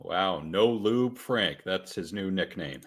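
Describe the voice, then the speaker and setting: Man, podcast host, low voice, casual chat, crude deadpan humor. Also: slow. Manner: crude, joking, deadpan asides.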